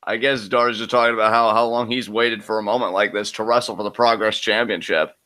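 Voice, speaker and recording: A man's voice: lowish voice, fairly even intonation, fairly quick, pushed and bright. A man co-hosting a live reaction show, breaking down what he watches and making predictions with many "I mean"s. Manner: analytical, talks through predictions with many "I mean"s. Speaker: co-host of a wrestling reaction show.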